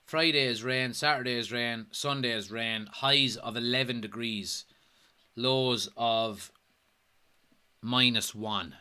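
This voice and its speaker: Bright-voiced Irish man hosting a stream. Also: mid-range voice, fairly even intonation, slow pace, smooth. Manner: jokey, swears, reads viewer comments aloud. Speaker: host. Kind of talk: casual livestream watchalong chat.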